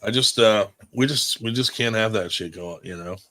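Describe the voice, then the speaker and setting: A man's voice: lowish voice, normal speed. A man hosting a podcast in rambling casual chat, swearing freely. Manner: profane, rambling and animated. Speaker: podcast host.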